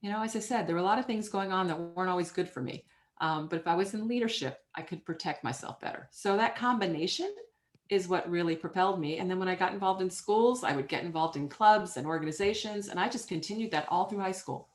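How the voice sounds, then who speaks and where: A middle-aged woman answering interview questions as a guest author, telling stories in an emphatic, energetic way. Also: lowish voice, quick pace.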